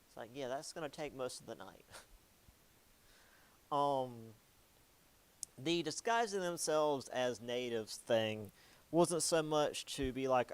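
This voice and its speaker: A man's voice: mid-range voice, slow pace, pauses often, smooth. A young man giving a casual history lecture, chatty and jokey, with many ums and likes.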